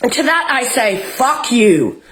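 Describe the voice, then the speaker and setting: A woman's voice: on the high side, sing-song, a little slow, a bit bright. A young Australian woman vlogging from home, ranting with passion and swearing often. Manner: fiery, swearing, emotional, rallying. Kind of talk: impassioned political rant to camera. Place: home, in isolation.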